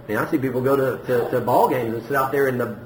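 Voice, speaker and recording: Man preaching conversationally in an echoey hall. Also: fast. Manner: conversational, repeats words, rises to emphatic peaks and drops low. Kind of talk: sermon. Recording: echoey room with faint background noise.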